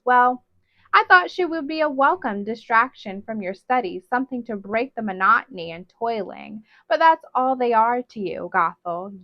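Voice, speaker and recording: A woman voicing a cruel, possessive witch mother who threatens and commands loudly, on a dull, dry recording. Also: fairly high pitch, no room sound.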